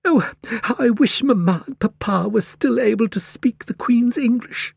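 A man's voice: very high-pitched, moderate pace, gravelly, breathy edge, no room sound, studio quality, voice pushed up, exaggerated voice. A man putting on a fluttery genteel old cat lady. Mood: wistful. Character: excitable elderly spinster cat lady.

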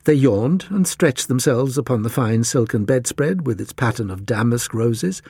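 A man reading a children's story aloud as the narrator, with expressive storytelling. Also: husky, no room sound, clean studio sound. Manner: expressive storytelling with lively pitch. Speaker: audiobook narrator. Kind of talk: scripted narration.

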